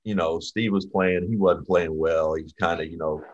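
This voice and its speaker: A man hosting a talk show, chatting casually with a relaxed, hesitant delivery full of fillers. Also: deep voice, normal speed, dull audio. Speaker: podcast host. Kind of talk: casual chat.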